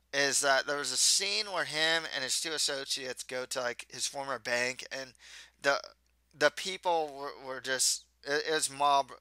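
Bright, crisp-voiced man reviewing a film. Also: medium pitch, no echo. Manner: rambling, with frequent restarts and stumbles. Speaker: movie reviewer. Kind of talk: casual spoken movie review.

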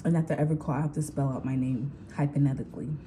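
Young woman vlogging at home, low voice, blunt and slangy, noisy room behind her. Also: steady tone, rapid-fire, warm tone. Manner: candid, slangy, venting with heated retelling. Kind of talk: casual vlog chat. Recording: home recording with clear background noise.

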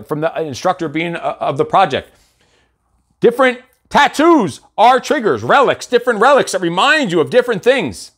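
A man's voice: mid-range voice, a bit bright. A middle-aged man hosting a live motivational show, talking in a blunt, profane, intense way. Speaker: coach and show host.

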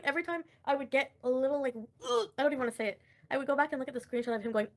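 A woman's voice: high voice, animated, rapid-fire. A woman hosting a casual livestream and commenting on online drama, blunt and profane, with frequent laughter.

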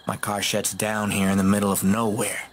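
A man playing a stranded pastor in a horror game who mutters in a flat, tired way. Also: fairly low pitch, moderate pace, a little hiss or hum, lightly acted. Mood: weary. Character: weary pastor, the stranded protagonist.

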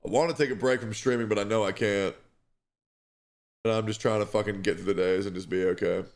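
A man's voice: on the low side, fairly even intonation. Distressed young man stumbling through apologies. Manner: halting, stumbling over repeated words; apologetic, heavy swearing. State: distressed and stressed. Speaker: streamer. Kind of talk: live stream talk.

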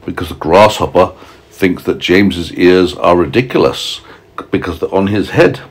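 A man's voice: low-pitched, moderate pace, slightly rough. A father reading a children's book aloud at home, patiently stopping to explain words to his child.

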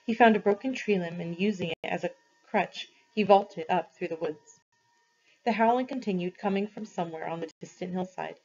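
A woman reading a storybook chapter aloud in a steady, expressive way. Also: on the low side, a little fast, breathy edge, dull audio. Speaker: reader.

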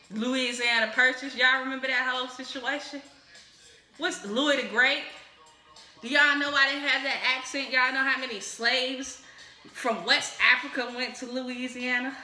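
A woman with a very bright, sharp-edged voice chats casually as a comedy cocktail show host. She is exuberant and rambling, with frequent whoops. The sound has a strong echo from the room. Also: on the high side. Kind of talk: casual comedic chat while mixing drinks. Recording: echoey room.

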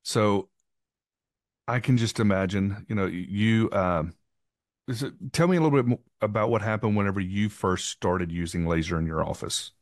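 A man hosting a podcast, asking halting questions and giving brief affirmations. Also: fairly low pitch, no echo, studio quality. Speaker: podcast host. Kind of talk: interview.

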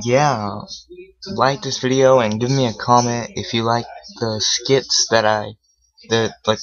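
Slow-talking profane man on a lo-fi mic. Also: lowish voice. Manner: heavily profane, rambling with many fillers. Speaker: vlogger. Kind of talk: casual storytelling vlog. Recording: dull lo-fi recording.

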